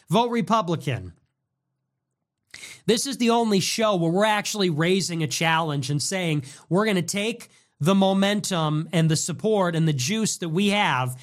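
A man hosting a political show, delivering an angry, combative monologue. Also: high voice.

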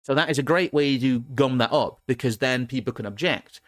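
A man's voice: medium pitch, a little fast, no room sound, clean studio sound. A man from England hosting a casual political talk show, rambling with frequent restarts and laughs. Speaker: podcast host.

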